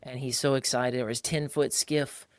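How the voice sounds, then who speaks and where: A medium-pitched male co-host speaks at a moderate pace with little pitch movement on a casual podcast, using colloquial talk, calling listeners "bro," and mimicking the people he quotes. No room sound is audible.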